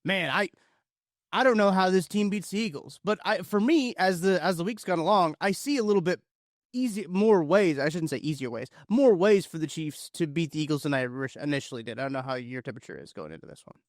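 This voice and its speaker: Podcast host guy asking questions, relaxed chatty, somewhat high voice, dry close sound. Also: quick pace, no echo. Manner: conversational, asks open questions. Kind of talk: casual podcast chat.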